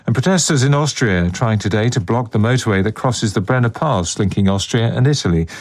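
A man reading a radio news bulletin in a measured, formal manner. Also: on the low side, lively intonation. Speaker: newsreader.

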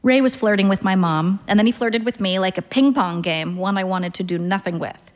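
A woman in her thirties reading a literary short story aloud in a dry, deadpan, wry manner. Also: mid-range voice, fairly quick, long reverb tail. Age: 30s. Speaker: narrator.

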